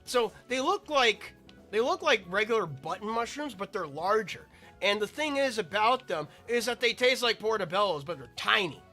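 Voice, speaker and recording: A gaming video creator plays a game while giving rambling, chatty commentary, often cutting himself off mid-thought. His high voice is animated, bright, and forceful at a moderate pace, with soft music in the background.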